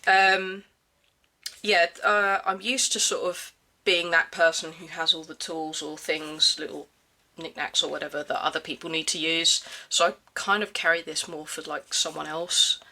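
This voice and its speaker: Hesitant gear vlogger, bright voice. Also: medium pitch, level tone, normal speed. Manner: hesitant, many ums and restarts. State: slightly hoarse from hay fever. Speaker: everyday-carry gear reviewer. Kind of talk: casual show-and-tell.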